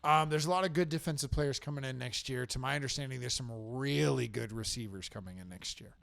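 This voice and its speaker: Gravelly-voiced man, opinionated sports talk. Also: mid-range voice, a little fast, fairly bright tone, no room sound. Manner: opinionated, confident football predictions. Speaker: podcast co-host. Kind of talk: casual sports chat.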